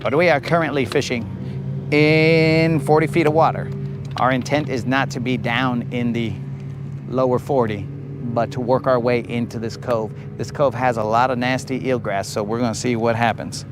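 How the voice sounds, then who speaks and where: A man's voice: mid-range voice, fairly even intonation, moderate pace, over music. A man hosting a live fishing stream from a boat outdoors, chatting to viewers in a casual, joking, slangy way. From United States. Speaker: fishing livestream host.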